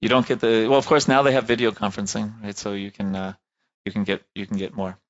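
A man's voice: fairly low pitch, little pitch movement, fast, dull audio. A man giving a casual classroom lecture, talking conversationally, often checking in with "right?" and stopping to rephrase.

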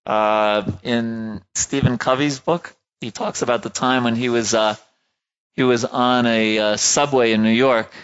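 A man's voice: medium pitch, steady tone, measured pace, fairly bright tone, smooth, lo-fi sound. A man giving a casual classroom lecture, talking conversationally, often checking in with "right?" and stopping to rephrase.

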